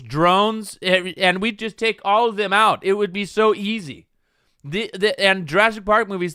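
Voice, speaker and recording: A man hosting a casual live stream, rambling and excitable with frequent swearing. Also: a little high, smooth, no echo, studio quality. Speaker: streamer host.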